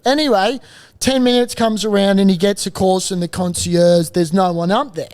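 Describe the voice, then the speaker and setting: Man, podcast co-host, casual storytelling, animated, swears, laughs a lot. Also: high voice, normal speed, clean tone.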